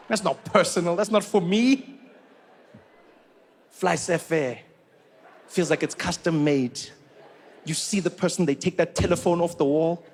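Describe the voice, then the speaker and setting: A man from Africa, telling stand-up stories with animated disbelief. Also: on the high side, unhurried, long pauses. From South Africa. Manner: animated, incredulous storytelling. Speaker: stand-up comedian. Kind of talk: stand-up comedy.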